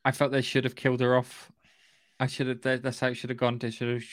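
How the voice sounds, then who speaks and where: A man's voice: mid-range voice, completely flat delivery, fast, no echo, studio quality. A man co-hosting a podcast in casual chat, talking in a matter-of-fact, wry way. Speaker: podcast co-host.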